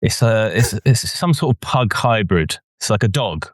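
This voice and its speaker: Male podcast co-host, lowish voice, easygoing and joking, dry studio sound. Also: lively intonation, normal speed, dry recording. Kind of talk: casual podcast chat.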